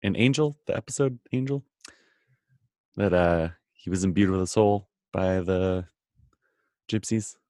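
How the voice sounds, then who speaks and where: A man with a fairly low voice chats through a TV episode recap, full of playful asides and mock quotes. The mic is close and dry, and he sounds relaxed and casual. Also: unhurried, pauses often, no room sound. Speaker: podcast co-host.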